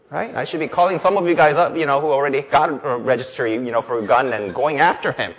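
A man's voice: fairly high pitch, fairly quick, few pauses, fairly bright tone, breathy edge. A male pastor preaching a sermon, emphatic, with rhetorical questions and repeated phrases. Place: church sanctuary. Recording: long reverb of a large hall.

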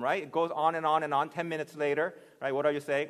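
A man preaching a sermon, reasoning aloud and building to loud, emphatic passages. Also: mid-range voice, fairly even intonation, fairly quick, hardly any pauses. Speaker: pastor. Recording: long hall reverb.

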